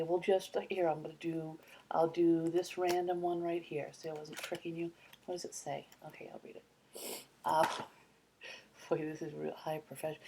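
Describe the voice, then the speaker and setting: Middle-aged woman vlogger, casual and rambling, slightly low voice, faint hiss behind. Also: warm tone. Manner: rambling, many fillers and whispered asides. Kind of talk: casual chat to camera.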